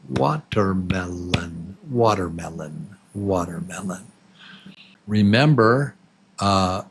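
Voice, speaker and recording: A man teaching English to absolute beginners, patiently repeating words slowly and counting syllables with the listener. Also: lowish voice, husky. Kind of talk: slow, clearly spoken beginner English lesson.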